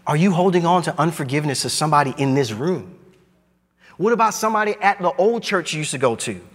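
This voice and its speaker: A man preaching a sermon as pastor, emphatic and driving, his voice swinging high and low. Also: lively intonation, fast, in a large hall. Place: church sanctuary.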